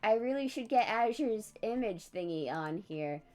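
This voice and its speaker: A tired woman streaming live, chatting casually in a rambling, low-key monotone. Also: moderate pace.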